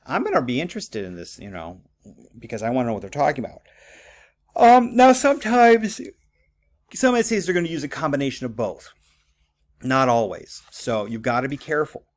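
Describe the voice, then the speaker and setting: A man's voice: medium pitch, expressive, quick pace. A man teaching writing in a conversational lecture, with many fillers and frequent "okay?" checks. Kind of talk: recorded classroom lecture.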